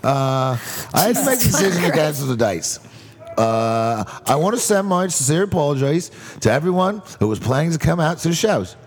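An aging male rock drummer with a put-on British accent reads an apology with strange, bouncy enthusiasm, as a man puts him on. The voice is husky and quick. A long reverb trails behind it. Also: a little high, sing-song, pitched above the performer's own voice. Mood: peppy. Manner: overly cheerful, enthusiastic reading.

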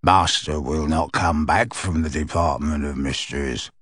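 A man reading aloud, voicing a spiteful old male house elf with a wheezy, cackling, slow and gloating manner. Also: very deep voice, fairly bright tone, breathy edge, no echo, clean studio sound, pitched below the performer's own voice, heavily acted.

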